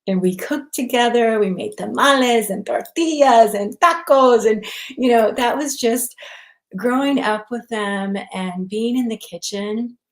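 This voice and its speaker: Lively middle-aged woman telling her story. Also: fairly high pitch, unhurried. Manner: lively and expressive, laughs often, mixes in Spanish words. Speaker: guest, recipe website founder. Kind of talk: conversational interview storytelling.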